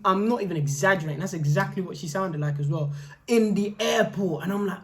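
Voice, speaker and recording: A young woman co-hosting a podcast, telling stories in a casual, animated and slangy way. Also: on the low side, fairly quick, slight background noise. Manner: animated, slangy, playfully exasperated. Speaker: podcast co-host. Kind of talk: casual storytelling chat.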